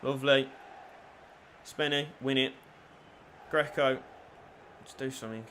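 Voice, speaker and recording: A young man giving crude, cheeky commentary over a football video game, swinging from low mutters to shouted goals. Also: fairly even intonation, measured pace, a little hiss or hum. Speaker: gaming YouTuber. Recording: faint music behind.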